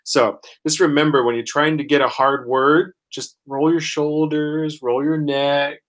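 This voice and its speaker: A man teaching pronunciation one-on-one, encouraging and full of praise, modeling each word very slowly while sick and clearing his throat. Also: fairly high pitch, little pitch movement, a bit bright. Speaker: language teacher.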